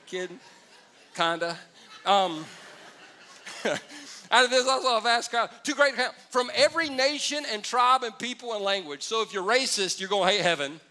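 A man preaching a lively sermon to a congregation, joking with the crowd and building up to shouts. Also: high voice, brisk. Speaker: pastor.

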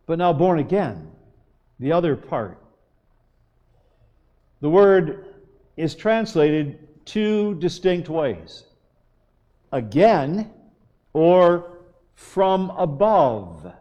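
Slow, emphatic preaching man. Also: a little high, sing-song, warm tone, dull audio. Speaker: pastor. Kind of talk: sermon.

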